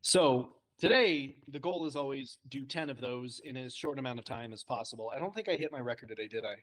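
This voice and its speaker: A man, a high school English teacher, chatting casually and telling self-deprecating stories with frequent laughs. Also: a little fast, a bit bright. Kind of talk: casual chat.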